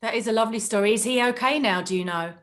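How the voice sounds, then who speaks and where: Gentle woman interviewer. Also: on the high side, fast talker. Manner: gentle, sympathetic questioning. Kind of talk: interview questions.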